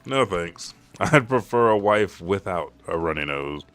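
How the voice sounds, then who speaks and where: A man voicing a cheeky, gentlemanly skeleton swordsman from a comic, with an airy, teasing drawl. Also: deep voice, expressive, a little slow, exaggerated voice.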